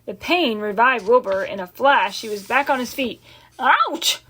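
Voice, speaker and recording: A woman's voice: on the high side, normal speed. Woman reading a children's novel aloud. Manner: gentle, expressive, lingering on key words. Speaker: audiobook reader. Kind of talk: storybook read-aloud narration.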